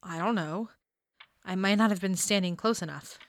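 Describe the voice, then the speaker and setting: A woman in an audio drama, playing a flat, matter-of-fact detective. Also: mid-range voice, moderate pace, dry recording, lightly acted. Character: dry-humored detective with a headache.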